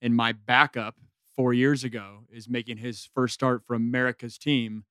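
A young man in his twenties co-hosting a casual podcast and telling his story in a relaxed, laid-back way. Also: medium pitch, moderate pace, clean tone, dry recording, studio quality. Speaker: podcast co-host, former football player.

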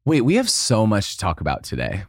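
Brief: young male co-host, campy and playful, swooping animated pitch, dry close sound. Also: fairly quick, no echo. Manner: campy, playful, lots of put-on quotes. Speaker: podcast co-host. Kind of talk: casual comedic chat.

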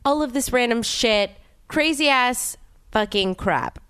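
A young woman chatting casually as a podcast host, telling a story with many fillers and sudden high exclamations. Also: unhurried, smooth, no room sound. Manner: animated storytelling with many "like" fillers, leaps in pitch when exclaiming. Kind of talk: casual chat.

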